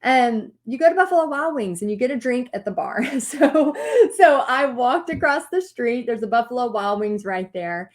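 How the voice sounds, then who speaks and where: A woman telling a personal story to an audience in a lively way, acting out what people said. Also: on the high side, moderate pace. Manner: animated storytelling with acted-out quotes. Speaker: paint party business teacher.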